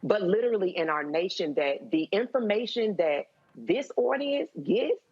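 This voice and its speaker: A woman speaking as a panelist on a talk show, heartfelt and halting, with many fillers. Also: medium pitch, expressive, husky, dull audio.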